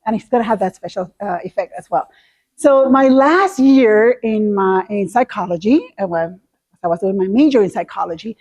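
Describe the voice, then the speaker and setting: A woman's voice: mid-range voice, moderate pace, a little mellow. A middle-aged woman with a Spanish accent telling a personal story in a talk, acting out her own past reactions. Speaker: speaker.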